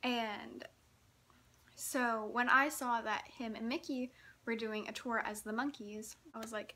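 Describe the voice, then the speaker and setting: A woman's voice: a little high, fairly even intonation, measured pace, sharp tone. A young woman from Texas telling a story in a chatty vlog, giggling often and saying "like" a lot. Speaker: vlogger.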